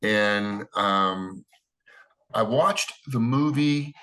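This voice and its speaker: Rambling American man, low voice. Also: very slow, bright, forceful tone. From United States. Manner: rambling, many restarts and "you know". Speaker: wrestler. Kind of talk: interview answers.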